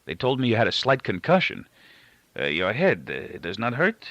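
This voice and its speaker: A frail, anxious gray-haired father, as a male narrator puts him on, soft and a little husky. He picks his words formally and pauses over them. The take sounds dull and dry. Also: fairly low pitch, wildly swooping pitch, no echo. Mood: anxious, soothing. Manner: formal, careful phrasing with hesitations.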